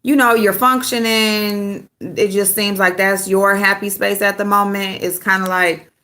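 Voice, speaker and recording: A woman vlogger talks loosely with her viewers in a casual, rambling way, breaking into laughs often. Her voice sits at an ordinary pitch with plenty of gravelly fry. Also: sharp tone. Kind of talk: casual live chat with viewers.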